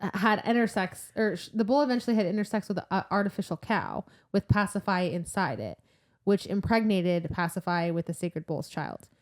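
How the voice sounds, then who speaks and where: A woman's voice: mid-range voice, brisk. A young woman co-hosting a casual book-club podcast, retelling the plot in a chatty way with lots of "like". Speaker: podcast co-host.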